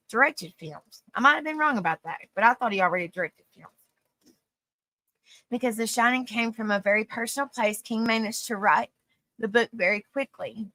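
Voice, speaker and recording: A woman's voice: medium pitch, bright, forceful tone, dry recording. A woman with a Southern US accent reading facts aloud on a livestream, stumbling over hard words and chatting with viewers. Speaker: host.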